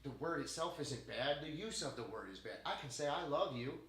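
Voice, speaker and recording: A man hosting a casual podcast, talking in a rambling, animated way with plenty of swearing and laughter. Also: mid-range voice, brisk, reverberant. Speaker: podcast host. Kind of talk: casual chat. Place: room in a home.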